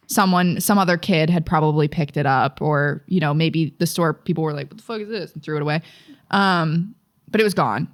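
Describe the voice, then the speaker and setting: Young woman, lower register, casual podcast co-host, loose and profane storytelling. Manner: rambling, profane, filler-heavy storytelling.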